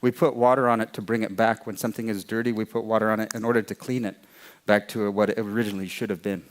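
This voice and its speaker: A man's voice: on the low side, flat delivery, fast, close to an everyday voice. A man voicing a wise male frog who patiently guides and teaches a mouse.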